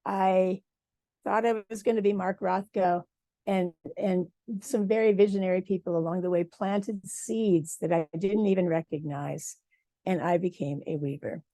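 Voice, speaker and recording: A woman from Michigan, a textile artist, giving a lively personal talk at a symposium and acting out quoted dialogue. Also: on the low side, unhurried, dry recording. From Michigan, USA. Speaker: guest speaker, textile artist.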